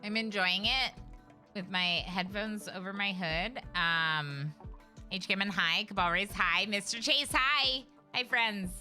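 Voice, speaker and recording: A woman's voice: mid-range voice, slow, sharp tone, faint music behind. A young adult woman streaming a game live, chatting with viewers and reacting aloud to the play.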